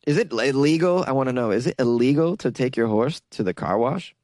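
A man's voice: medium pitch, animated, a little fast, darkish tone, dry recording. A young man from Massachusetts with a Massachusetts accent, riffing sarcastically on an odd news story and laughing at his own jokes. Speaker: comedic news commentator.

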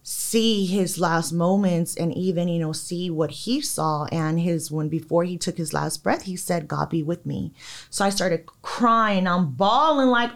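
A young adult woman, a podcast guest, telling an emotional personal story in a lively way with many fillers. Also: sits low. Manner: animated, quickens and slows, many fillers. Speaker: podcast guest, psychic medium.

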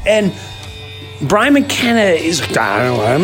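A man in his fifties hosting a podcast, telling a rambling story in a casual monologue that jumps into loud disbelief. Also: high voice, big pitch swings, a little slow, faint music behind. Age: 50s. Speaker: podcast host.

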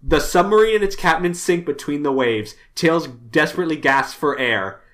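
A man with a fairly high, bright voice jokes his way through a comic book recap, casual and profane. He sounds like he is in an echoey room. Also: normal speed. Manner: joking and profane, loose storytelling. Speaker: podcast co-host.

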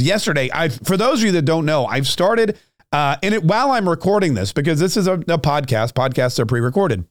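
On his own political podcast, a man with a medium-pitched voice rambles, tossing in joking, self-mocking remarks. He restarts often and trails off, recorded at studio quality without room sound.

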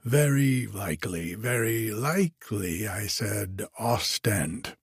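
Man voicing an evasive innkeeper, drawn-out hesitant phrases, husky low voice, a storybook reading. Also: animated, dry recording, clean studio sound, exaggerated voice. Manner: slow, hesitant and repetitive. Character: hunted, evasive male innkeeper, drawling slowly.

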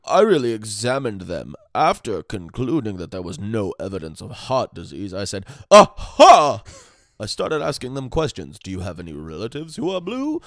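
A man voicing a snobby male city doctor in a comedy podcast bit, with a slow, snooty delivery. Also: on the low side, very animated, dry recording, studio quality.

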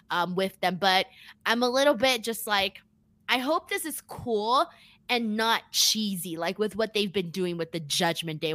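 A woman's voice: mid-range voice, sharp tone, dry recording. A woman co-hosting a podcast in a casual chat, talking loosely with lots of fillers. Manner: chatty, heavy on fillers like "like" and "you know". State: running on little sleep. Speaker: podcast co-host.

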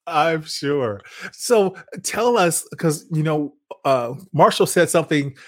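An American man hosting an interview, effusive and quick to laugh and compliment his guest. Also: a little high, lively intonation. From United States. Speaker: host.

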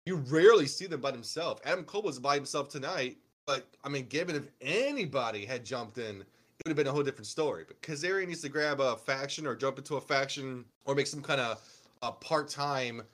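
A man's voice: mid-range voice, lively intonation, fairly quick, fairly bright tone. A young man chatting casually about wrestling, rambling and swearing, with many restarts and fillers. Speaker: podcast co-host. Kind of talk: casual wrestling recap chat.

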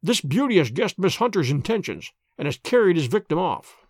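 A man voicing a sharp, decisive male detective in a storybook reading. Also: high voice, sing-song, fairly quick, dry recording, clean studio sound, heavily acted. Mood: commanding. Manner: crisp, decisive.

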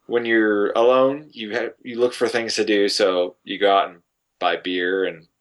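A man co-hosting a podcast in casual chat, relaxed and measured with a dry wit. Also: on the low side. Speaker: podcast co-host.

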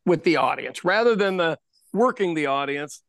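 Animated storytelling ex-comic, dry sound. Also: male voice, a little high, no echo. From Oklahoma. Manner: animated storyteller, swearing, quick asides. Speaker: podcast host, former stand-up comic. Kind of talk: casual storytelling chat.

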